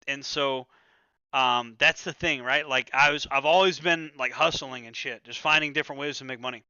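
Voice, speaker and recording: Man, livestream host, very bright voice, dry dull lo-fi sound, casual profane rambling. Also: mid-range voice, fairly even intonation, moderate pace, clean tone, dry recording. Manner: loose and profane, full of stammered restarts.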